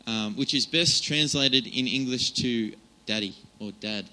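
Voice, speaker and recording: A man preaches in a relaxed, conversational way, stopping and restarting his sentences often. His voice is very bright and forward, and it sits at an ordinary middle pitch. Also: a little slow, poor audio. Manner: casual and chatty, many fillers and restarts. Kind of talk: informal sermon.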